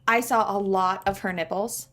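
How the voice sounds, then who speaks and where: A woman's voice: medium pitch, fairly even intonation, moderate pace, fairly bright tone. A woman co-hosting a podcast in casual chat, candid and chatty, often trailing off and restarting. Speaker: podcast co-host.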